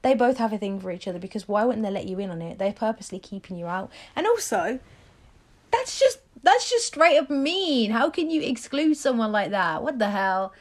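A woman's voice: medium pitch, fast, hardly any pauses. Chatty young woman podcaster. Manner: chatty, emphatic, animated rhetorical questions. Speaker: podcast host. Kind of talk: solo advice podcast.

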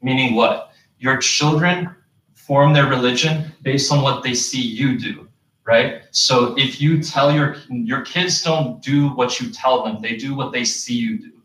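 A man's voice: mid-range voice, fairly even intonation, unhurried, a bit bright. A young man giving a Friday sermon, earnest and explaining step by step with rhetorical questions. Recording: echoey hall, distant mic.

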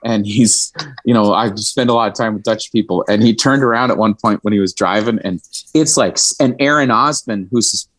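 A musician from Indiana, USA, appears as a guest and tells stories candidly, frank, emotional and sometimes profane, with laughing asides. His voice is on the low side and a bit bright, at a moderate pace with no room sound.

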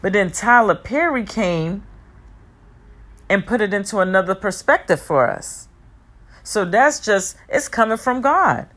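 A woman giving a heartfelt personal motivational talk, emphatic and repetitive, sometimes rushing her words. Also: mid-range voice, lively intonation, a bit bright. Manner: speeds up and slows down, talks fast at times.

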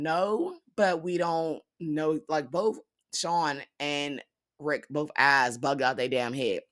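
A young woman casually recapping a TV episode, animated and profane, acting out characters' lines in paraphrase. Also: sits low. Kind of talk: casual storytelling commentary.

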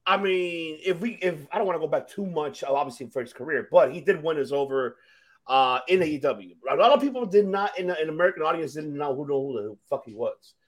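A man hosting a casual wrestling-talk show, excitable and quick to swear and laugh. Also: on the high side. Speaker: podcast host. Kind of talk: casual chat.

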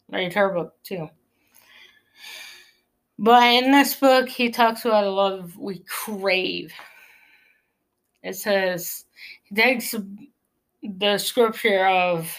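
Woman, slow unhurried delivery, earnest, preachy, personal testimony. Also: mid-range voice, fairly bright tone. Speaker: faith testimony speaker.

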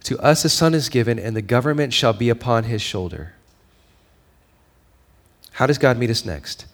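A man preaching a sermon in a mid-range voice, talking to the congregation in a conversational way. He drops to a hushed tone for stories, then builds up to loud, emphatic points. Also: mid-range voice, normal speed. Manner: swings from quiet, intimate storytelling to raised, emphatic preaching; conversational, with fillers and frequent "right?". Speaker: pastor.

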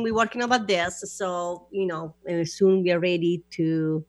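A woman's voice: fairly low pitch, steady tone, normal speed, a bit bright, dry recording, studio quality. A woman hosting a radio show, chatting casually and laughing easily in broken English.

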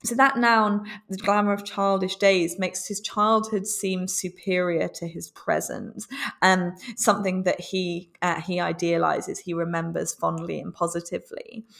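A woman teaching a lesson on a poem, explaining in a measured way with frequent pauses and ums. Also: fairly low pitch, flat delivery, creaky, a bit bright.

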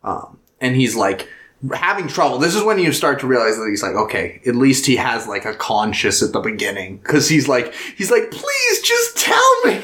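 A man in casual podcast talk, retelling film scenes with a lot of movement in his voice. His pitch sits in the middle but swings widely. The room around him sounds roomy and echoing. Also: normal speed. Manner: animated retelling with high-pitched put-on quotes, laughs and swears. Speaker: podcast co-host.

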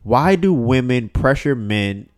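A man of middle pitch hosting a relaxed podcast chat. He talks bluntly and swears freely. He keeps slipping into quick acted-out bits of what others said. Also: clean tone. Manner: blunt and profane, often acting out quotes. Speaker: podcast host.

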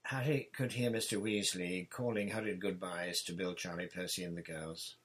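A man reading a novel aloud in a steady, even narrating manner. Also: low-pitched, normal speed, slightly rough. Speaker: audiobook reader.

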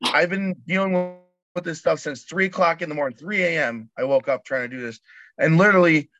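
A man's voice: on the high side, a little fast. A man venting in a rambling, frustrated way during a casual chat. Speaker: bounce house business owner, guest. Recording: dry, dull lo-fi remote line.

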